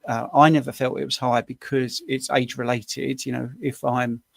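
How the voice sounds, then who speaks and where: A man in his sixties with a gravelly edge, talking into a dry, close video-call mic. He answers questions in a chatty, rambling way, dropping self-deprecating asides as he explains. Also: medium pitch, level tone, moderate pace, no echo. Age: 60s. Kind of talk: casual online Q&A.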